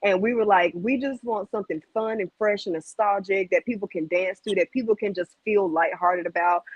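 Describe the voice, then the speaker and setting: A young woman from Mississippi with a Southern accent, a guest singer chatting in an interview, bubbly and quick to laugh. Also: mid-range voice, dry recording, muffled recording. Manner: bubbly, giggly, lively. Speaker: R&B group member, guest. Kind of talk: casual interview chat.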